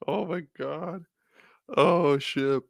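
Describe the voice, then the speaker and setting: A man's voice: a little high, gravelly, no room sound, studio quality. A man hosting a podcast in casual chat, loose and profane, laughing often and restarting his sentences. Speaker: podcast host.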